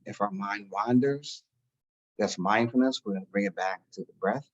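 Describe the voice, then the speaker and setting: A man guiding a listener through a calm breathing and relaxation meditation, giving slow, soothing instructions. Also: on the low side, muffled recording. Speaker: meditation guide. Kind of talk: guided meditation.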